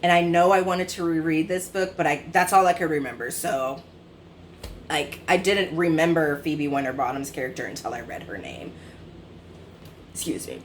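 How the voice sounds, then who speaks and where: A woman in her twenties talks through her recent reads in a loose, rambling way. She pads her sentences with fillers and often corrects herself mid-thought. Her voice sits a little lower than most women's. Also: expressive, normal speed, a little hiss or hum. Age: 20s. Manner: chatty and rambling, with many fillers and self-corrections. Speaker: book vlogger. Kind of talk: casual book review chat.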